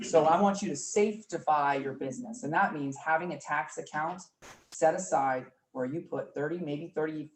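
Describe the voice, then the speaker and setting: Speaking to a few people in an office meeting room, a presenter delivers a casual business training talk in a mid-range voice with a darkish tone. Chatty and prone to coining words, the speaker often restarts sentences partway through, and the recording is echoey, with a distant mic and faint noise.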